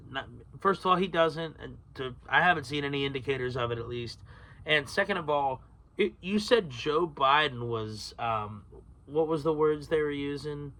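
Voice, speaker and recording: A man's voice: a little high, normal speed, pushed and bright. A man hosting a solo podcast, rambling through tangents, swearing freely and laughing at himself. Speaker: podcast host.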